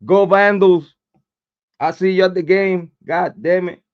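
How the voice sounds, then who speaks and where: A hoarse man runs his true crime livestream in a slow, drawn-out delivery that sits fairly high for a man. He curses constantly and repeats hype chants to his chat. The audio comes through a dull, lo-fi desk mic. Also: steady tone. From Puerto Rico. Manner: profane, repetitive hype chants. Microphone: desk microphone, camera off.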